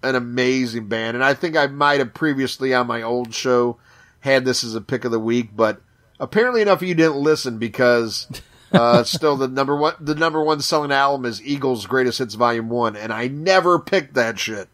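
A man with a Chicago accent talks over music on a casual podcast. His voice sits at a middling pitch, and he swears freely and repeats words as his excitement runs ahead of him. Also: moderate pace. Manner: profane, enthusiastic, repeats words. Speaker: podcast co-host. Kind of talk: casual chat.

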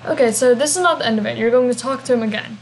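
A young woman talks through a game walkthrough in a loose, rambling way, tossing in hums and asides. Her voice sits a bit high. Faint background hiss sits under the recording. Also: rapid-fire, rough recording. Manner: chatty and rambling, with humming fillers. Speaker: gameplay walkthrough narrator. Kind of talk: casual game walkthrough narration.

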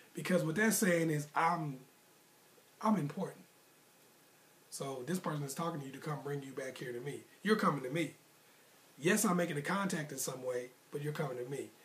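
Slightly high-voiced man giving dating advice. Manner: emphatic, repetitive, motivational; casual slangy phrasing. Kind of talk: direct-to-camera advice monologue.

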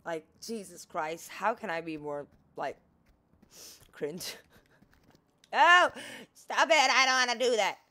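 A woman commentates on her gameplay in a bright, forward voice. She takes her time, chatting loosely and exclaiming at the screen. Her talk is casual and sprinkled with swearing. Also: mid-range voice, takes it slowly, long pauses. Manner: chatty, exclamatory, talks to the game character, swears freely. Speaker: gaming streamer.

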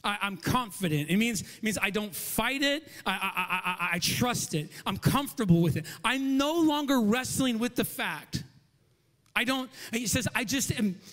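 Pastor guy preaching hard, kinda high voice, repeats stuff in rhythm, big echoey church hall. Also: expressive, moderate pace, hardly any pauses. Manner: impassioned preaching, swinging from loud emphasis to near-whispers; repeats phrases in rhythmic lists. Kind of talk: sermon. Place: church auditorium. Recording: long reverb of a large hall.

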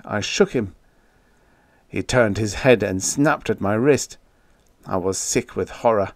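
A man giving a dramatic horror audiobook narration, measured and building dread. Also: on the low side, no room sound.

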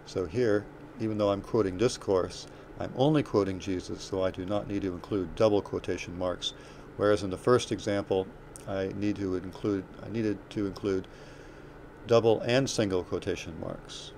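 A man's voice: low voice, fairly even intonation, moderate pace, darkish tone, a little hiss or hum. A man teaching a recorded writing lesson, working through examples one step at a time with fillers and self-corrections. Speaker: writing instructor.

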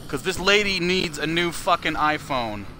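Crude, bright-voiced man streaming live. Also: on the high side, expressive, normal speed, slight background noise. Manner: crude, profane and mocking. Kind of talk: casual live-stream chat.

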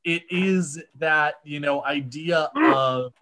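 A man's voice: a little high, slow pace, pushed and bright. A man co-hosting a casual podcast, explaining ideas at length and swearing when amused. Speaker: podcast co-host. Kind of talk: casual chat.

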